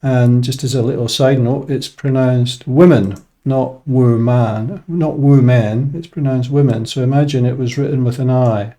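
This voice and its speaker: Male English teacher, unhurried explainer, warm dark tone, filler-heavy delivery. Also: mid-range voice. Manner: relaxed, thinking aloud with many fillers. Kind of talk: casual explanatory lesson.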